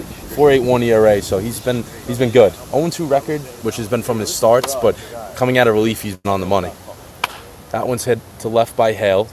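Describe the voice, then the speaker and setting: A man doing live play-by-play for a baseball game, relaxed and chatty, explaining the rules as he goes. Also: medium pitch. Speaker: play-by-play announcer.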